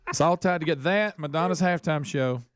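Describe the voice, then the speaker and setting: A man talks quickly and insistently, defending himself in loose on-air banter. His voice sits close on a studio mic with a dry, dead sound. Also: on the high side, no echo. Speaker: radio show regular. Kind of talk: casual radio banter.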